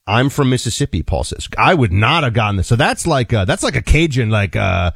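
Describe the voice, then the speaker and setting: A man co-hosting a talk radio show, chatting casually and joking, sometimes mock shouting. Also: medium pitch, fairly quick, vocal fry, breathy edge, no echo. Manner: animated, jokey, mock shouting. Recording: dry studio sound.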